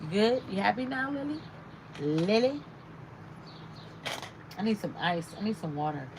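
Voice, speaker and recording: A woman's voice: medium pitch, sing-song, unhurried, noisy background. A woman hosting a casual livestream, chatting and reading out viewer comments. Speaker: livestream host.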